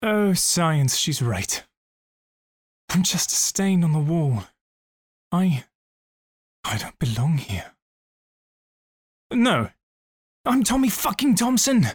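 A man's voice: a little high, husky, exaggerated voice. A brash, profane young guy. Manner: profane, dramatic self-talk. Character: brash young man, swinging between self-pity and swagger. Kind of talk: audio drama outtakes.

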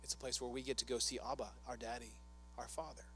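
A man's voice: medium pitch, little pitch movement, quick pace, bright, forceful tone, a little hiss or hum. A man preaching a sermon in an earnest, conversational way, often asking his listeners questions. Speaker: pastor.

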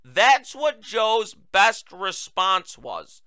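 Sarcastic male talk host, a bit high, crisp smooth voice, dry studio sound. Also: sing-song, extremely slow, bright, forceful tone, no echo. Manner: sarcastic, emphatic, mocking. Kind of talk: political commentary.

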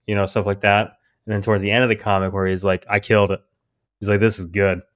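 A man, a guest on a podcast, telling a story in a rambling, animated way and quoting other people's words. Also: fairly low pitch, fast talker. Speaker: indie comic creator, guest. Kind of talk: casual storytelling interview.

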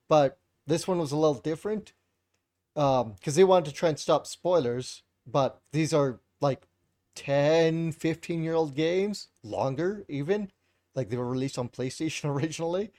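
A man with a somewhat high voice recaps news on a casual podcast call. He talks loosely, with plenty of fillers between points. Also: normal speed, a little mellow. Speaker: podcast co-host. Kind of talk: casual chat.

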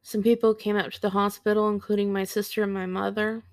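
A woman in her thirties hosting a podcast, telling a personal story in a slow, halting, reflective way and sounding teary. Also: mid-range voice, flat delivery, no echo, studio quality. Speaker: podcast host.

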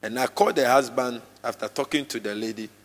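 A male pastor delivers a live sermon in a church hall, his mid-pitched voice trailing a long reverb. He drives his points home by repeating phrases and leaping up sharply in pitch and volume before dropping back low. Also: fast. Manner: emphatic, with sudden swings in pitch and loudness.

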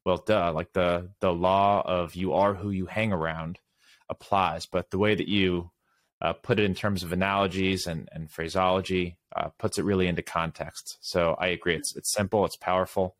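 Male host from Florida, very low voice, dry close sound, asks questions. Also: steady tone, moderate pace, dry recording. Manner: questioning, affirming. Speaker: podcast host. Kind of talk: conversational interview.

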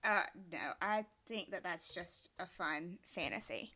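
A woman in her late twenties co-hosts a podcast, chatting casually with lots of filler words and easy swearing. Her voice is lowish, bright and forceful, and she speaks a little slowly.

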